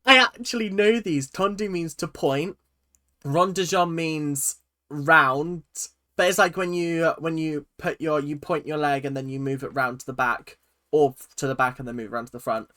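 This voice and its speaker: A man, hosting a casual reaction video, jokey and animated, laughing at himself. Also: on the high side, normal speed.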